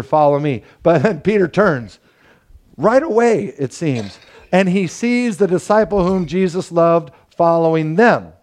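A young man preaching a sermon as pastor, telling the story lively and acting out the quotes. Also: on the high side. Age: young adult. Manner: animated storytelling, acts out quotes with laughs.

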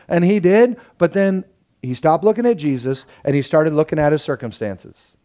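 A young man preaching a sermon as pastor, telling the story lively and acting out the quotes. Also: fairly high pitch, normal speed. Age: young adult. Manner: animated storytelling, acts out quotes with laughs.

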